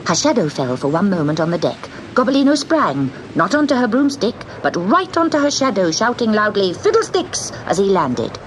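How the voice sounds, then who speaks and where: Lively woman narrating a storybook. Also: mid-range voice, fairly quick, few pauses, rough recording. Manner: lively, expressive reading. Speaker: audiobook narrator. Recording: audiobook with steady hiss.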